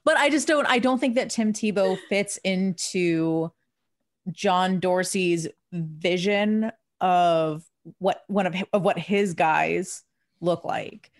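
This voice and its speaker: A young woman co-hosting a sports talk show, telling stories in an animated, jokey way in casual chat. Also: on the low side, takes it slowly. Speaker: sports podcast co-host.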